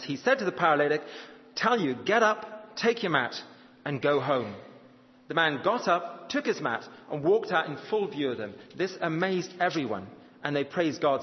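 A man preaching a sermon, telling the story with animation and acting out the voices he quotes. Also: on the high side. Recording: dull lo-fi sound in a reverberant hall.

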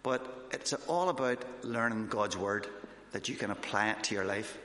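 A man's voice: on the low side, normal speed, fairly bright tone. A man, a missionary, giving an informal sermon with his own testimony, talking conversationally with fillers and restarts. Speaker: missionary preacher. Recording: echoey hall.

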